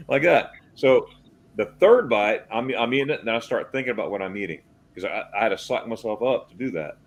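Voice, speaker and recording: A male host animatedly telling a story in a casual group video chat. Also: medium pitch.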